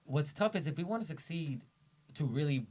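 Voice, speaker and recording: A man from the Dominican Republic hosting a casual podcast chat, telling animated stories and acting out quotes. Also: on the high side, brisk. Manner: animated storyteller, acts out quotes. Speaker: podcast host. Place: studio with cameras.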